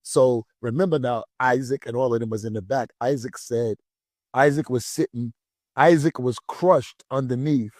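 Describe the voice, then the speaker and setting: Animated male pastor telling a story. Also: mid-range voice, normal speed, dry recording, studio quality. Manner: animated storytelling, acts out voices. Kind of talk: casual conversation.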